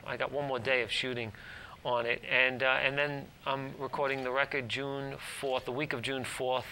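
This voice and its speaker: A man's voice: mid-range voice, little pitch movement, moderate pace, pushed and bright, slight background noise, low-quality recording. A man, a guest actor, chatting and telling stories in a TV studio interview, rambling with restarts. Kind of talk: casual interview storytelling.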